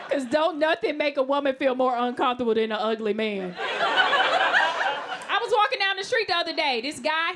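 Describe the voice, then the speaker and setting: A woman doing a brash, animated stand-up set in a live club, laughing at her own jokes. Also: high-pitched. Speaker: stand-up comedian. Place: live comedy club, New York. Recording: loud noise on a live club recording.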